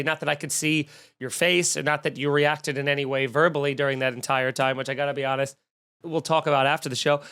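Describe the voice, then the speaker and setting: Animated high-voiced male comedian ranting. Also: clear, resonant tone. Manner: animated, snarky, acts out people in the story. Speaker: comedian podcast host. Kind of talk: comedic storytelling rant.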